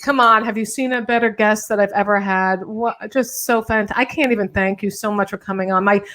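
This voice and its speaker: A woman's voice: medium pitch, fairly even intonation, a little fast, a bit bright, slight background noise. A woman hosting an online talk show, gushing and effusive with her guest. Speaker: show host.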